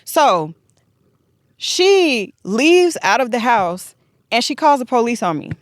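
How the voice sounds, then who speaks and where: A woman telling a long personal story in casual podcast chat, animated and acting out the dialogue. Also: on the high side, takes it slowly, no echo, clean studio sound.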